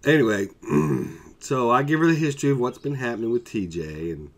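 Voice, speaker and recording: A man telling a story in a casual vlog, with a voice that swings up and down a lot. He rambles and stacks fillers and side comments. His pitch sits in a middle range. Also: moderate pace. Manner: animated, rambling with fillers and asides.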